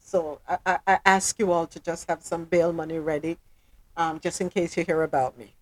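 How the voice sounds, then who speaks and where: A Jamaican woman hosting a casual news podcast, switching between patois and standard English in an animated way. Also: fairly low pitch, moderate pace. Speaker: podcast host.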